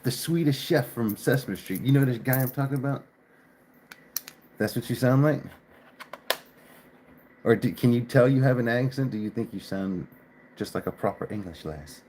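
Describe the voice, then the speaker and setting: A man's voice: mid-range voice, darkish tone, a little hiss or hum. A man hosting a casual livestream, chatting in a laid-back way with his viewers and swearing now and then. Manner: laid-back, chatty, mild swearing, addresses chat as y'all. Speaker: livestream host. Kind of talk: casual live-stream chat.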